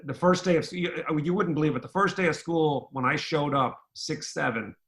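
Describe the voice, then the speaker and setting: Speaking in a slightly high, gravelly voice at a moderate pace, the same kind of guest appears: a middle-aged ex-pro basketball player who grew up between Ireland and the US. In a relaxed interview he spins stories, performing the voices of the characters in them.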